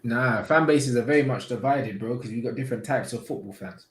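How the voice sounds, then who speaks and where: Blunt, slangy London co-host, echoey room. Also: male voice, medium pitch. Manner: blunt, slangy and quick to agree. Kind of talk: live-stream football chat.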